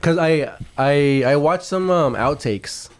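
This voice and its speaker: A man's voice: a little high, takes it slowly. A man co-hosting a podcast in casual chat, rambling through stories with lots of "like". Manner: rambling storyteller, lots of fillers. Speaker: podcast co-host.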